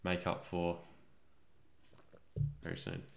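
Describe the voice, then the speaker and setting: A man's voice: low voice, completely flat delivery, takes it slowly, creaky, a little hiss or hum. A young man co-hosting a podcast, chatting casually and rambling with laid-back, trailing sentences. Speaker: podcast co-host. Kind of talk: casual chat.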